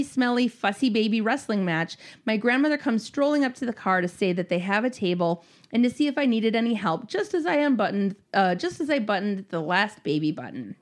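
A young woman reading a personal story aloud in a sarcastic, animated way. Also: mid-range voice.

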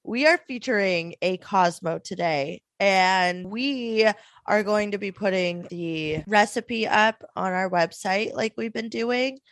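A woman's voice: mid-range voice, slow pace, no room sound. A woman co-hosting a casual podcast, upbeat and laughing, chatting loosely with a friend. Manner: hyper, laughing, swearing. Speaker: podcast co-host. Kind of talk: casual chat.

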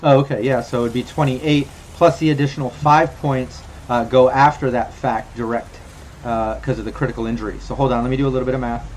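Man, game master, mid pitch, loose rambling narration, faint background noise. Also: steady tone, a little fast, a little mellow. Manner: loose, rambling, lots of fillers. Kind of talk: narrating and running a tabletop game.

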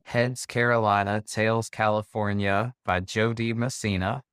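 A young man with a Southern US accent, co-hosting a podcast in a chatty, playful and gently earnest way. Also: lowish voice, fairly even intonation, a little slow, clear, resonant tone, no room sound, clean studio sound. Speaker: podcast co-host. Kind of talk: casual chat.

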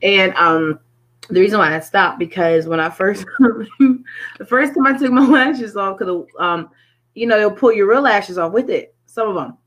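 A woman from Connecticut, a guest in a casual chat, telling stories in an animated way and acting out what people said. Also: medium pitch, normal speed, low-quality recording. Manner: animated storyteller who acts out quotes.

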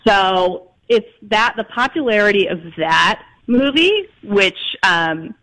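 Bright-toned male guest telling stories. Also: high-pitched, takes it slowly, rough recording. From Chicago. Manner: lively anecdote-telling with fillers. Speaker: guest author. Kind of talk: storytelling interview.

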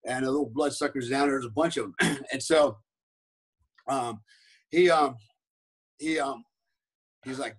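A man's voice: medium pitch, unhurried, pauses often, breathy edge, poor audio. A man, a podcast guest and former special forces soldier, telling a rambling story in casual talk, peppered with "right?" and "man".

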